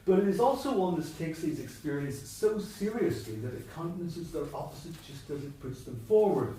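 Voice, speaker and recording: A man's voice: mid-range voice, dark tone, a little hiss or hum. A man giving an academic lecture on poetry, thinking aloud with asides and restarts. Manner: discursive, self-interrupting, with asides. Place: church hall. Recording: distant mic, echoey church hall.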